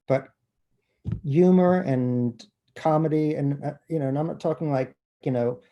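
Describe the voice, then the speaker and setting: A man interviewed as an author, talking in an animated, self-deprecating and profane way. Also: mid-range voice. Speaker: author guest. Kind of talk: conversational interview. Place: bookstore event.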